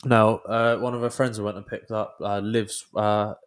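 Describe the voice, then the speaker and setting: A man's voice: lowish voice, normal speed. Sweary twenty-something man telling stories. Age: 20s. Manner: animated storyteller, swears often. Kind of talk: casual chat.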